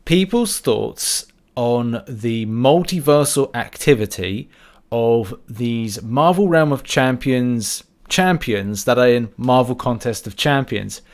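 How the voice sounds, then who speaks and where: A man with a mid-pitched voice hosts a casual podcast. He talks in a relaxed, hesitant way and pauses on fillers as he sets up topics. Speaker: podcast host.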